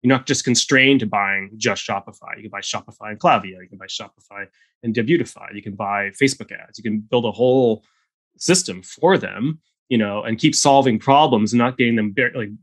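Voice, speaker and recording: A man talking as a guest in a casual interview, an animated storyteller full of quick restarts. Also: fairly low pitch, dry recording. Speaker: guest, software founder.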